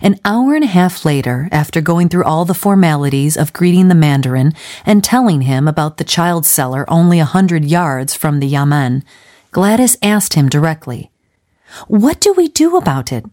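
Lady reading an audiobook chapter, lowish voice, calm steady pace. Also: moderate pace. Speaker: audiobook narrator. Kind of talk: scripted storybook narration.

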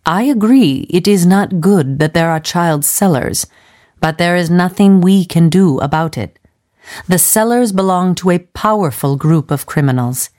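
A woman's voice: on the low side, animated, a little slow, darkish tone. A woman voicing a stern, powerful male official who speaks with great emphasis.

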